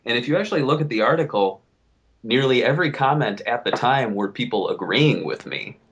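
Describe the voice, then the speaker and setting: A young man co-hosting a casual podcast, venting and riffing in an animated way, swearing freely. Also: medium pitch, brisk, creaky, highs cut off, slight background noise. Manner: animated, swearing, riffs and vents. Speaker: podcast co-host.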